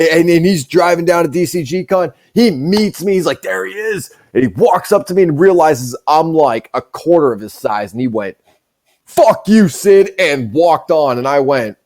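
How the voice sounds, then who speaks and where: A man's voice: a little high, animated, moderate pace, darkish tone. A man hosting a podcast, telling stories in a casual, profane, rambling way. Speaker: show host.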